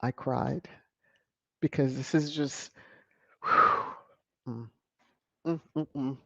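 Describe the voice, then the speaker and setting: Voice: medium pitch, slow, gravelly, long pauses, sharp tone, no room sound. A commentator on a video channel, sassy and mocking, chuckling often while reading headlines and viewer comments aloud. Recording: dull lo-fi, dry close mic.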